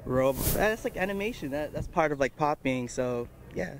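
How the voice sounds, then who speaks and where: A playful, goofy man from a dance crew jokes through an interview. His voice is high and bounces all over the place. Clear noise sits behind him in the venue. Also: expressive, moderate pace. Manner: playful and goofy, laughing often. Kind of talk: casual joking chat.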